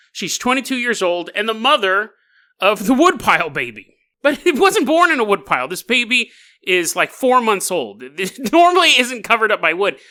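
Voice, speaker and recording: With a high, pushed, bright voice, the host of this podcast spins a news story into a comedy bit. He riffs with jokes and tangents and laughs in the middle of sentences.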